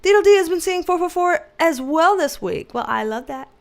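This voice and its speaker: A woman hosting a casual livestream with a nasal voice, talking loudly and bubbly, laughing often as she answers viewers. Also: extremely high pitch, expressive, moderate pace. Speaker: tarot reader and livestream host. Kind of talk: casual livestream chat reading viewer comments.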